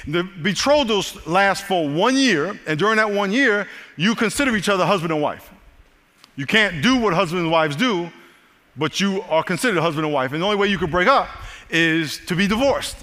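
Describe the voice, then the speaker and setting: An older man preaching a sermon as pastor, telling the story with lively, acted-out asides. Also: on the high side, in a large hall. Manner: animated storytelling with voiced asides.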